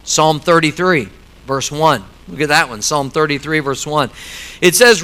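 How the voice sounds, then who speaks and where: A middle-aged man preaching a sermon in a church, swinging between loud emphatic lines and quiet joking asides to the congregation. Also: a little high, measured pace, poor audio. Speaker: pastor. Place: church sanctuary.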